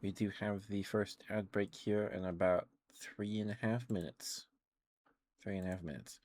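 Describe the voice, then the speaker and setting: A sleepy young man streaming ASMR, chatting softly and gently in a rambling way. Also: on the low side, fairly even intonation, normal speed, slight background noise. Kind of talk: soft ASMR chat.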